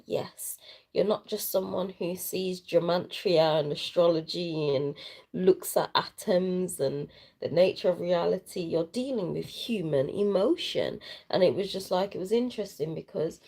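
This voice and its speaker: Subdued woman, low gravelly voice. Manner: rambling, soft-spoken, trailing off. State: sad and tearful. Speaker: vlogger. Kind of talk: unplanned livestream chat. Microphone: handheld phone.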